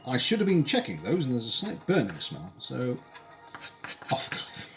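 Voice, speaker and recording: A man's voice: medium pitch, huge pitch swings, normal speed, music in the background. A British man chatting wryly while he cooks on a live stream, wandering into tangents and dry asides. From United Kingdom. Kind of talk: casual cooking stream chat. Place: home kitchen.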